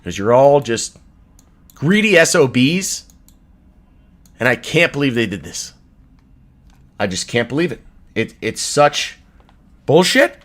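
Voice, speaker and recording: A man hosting a crypto livestream who rants angrily and swears, with outbursts that drop into low mutters. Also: very animated, slow pace, long pauses. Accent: Canadian English. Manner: furious, profane, swinging from shouting to low mutters. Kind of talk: angry livestream rant.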